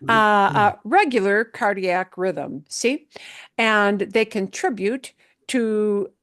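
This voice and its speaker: A woman's voice: medium pitch, takes it slowly, a bit bright, smooth, dry recording, clean studio sound. A woman teaching a Spanish lesson, explaining words patiently and checking in with her listeners as she goes. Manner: patient, checks in with "yeah?" and "okay?".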